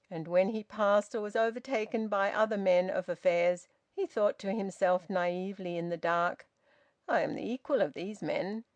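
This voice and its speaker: Audiobook narrator, woman, mid-range voice, measured literary delivery, dry studio sound. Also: mid-range voice, no room sound. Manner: measured, even literary reading. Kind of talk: scripted narration.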